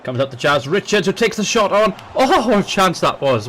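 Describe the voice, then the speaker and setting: A man's voice: high-pitched, a little fast, a little hiss or hum. A man hosting a gaming video, chatting to viewers and calling the match like a commentator, his voice jumping up when a goal comes. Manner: excitable, voice jumps up on goals; chatty, talks to viewers directly. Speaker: gaming channel host. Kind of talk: let's play with football commentary.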